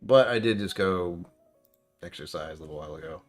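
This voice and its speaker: A man's voice: sits low, a little fast, faint music behind. A man casually chatting on a live stream while reviewing a whiskey, rambling and reacting to his chat.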